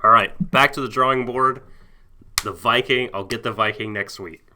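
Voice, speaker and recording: A man's voice: mid-range voice, normal speed, background noise. A man co-hosting a podcast in casual chat, playful and goofy, with hesitant fillers. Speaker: podcast co-host.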